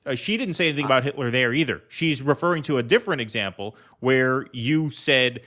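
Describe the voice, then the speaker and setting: A man co-hosts a political commentary stream, combative and blunt. His voice is bright and forceful and sits at a middle pitch. He swears freely as he argues. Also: lively intonation, fast, few pauses. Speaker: co-host.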